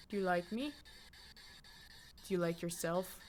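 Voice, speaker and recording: A woman's voice: fairly low pitch, a little slow, slight background noise. A woman streamer giving live, joking commentary while she plays a ghost-hunting game and chats to her viewers. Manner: chatty, joking, talks to chat and to a ghost.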